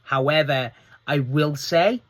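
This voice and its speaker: A man casually reviewing a wrestling show on his own, excitable and swearing freely as he recounts the segments. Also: on the high side, slow.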